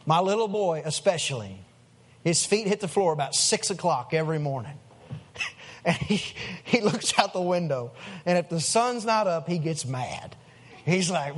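A man, a pastor in his thirties preaching a sermon in a folksy storytelling way. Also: a little high. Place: church sanctuary.

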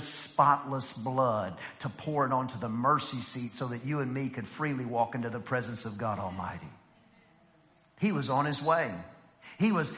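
Bright-voiced male preacher in a reverberant hall. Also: medium pitch. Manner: preaching with big swings from hushed to shouting. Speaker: pastor. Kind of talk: sermon.

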